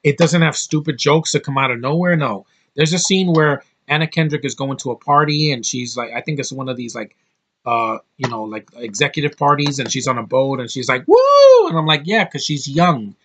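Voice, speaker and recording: A man from the United States giving a casual, opinionated movie review straight to camera, blunt and quick to swear. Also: medium pitch, a bit bright, a little hiss or hum. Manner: blunt, opinionated, swears often, mocking voices.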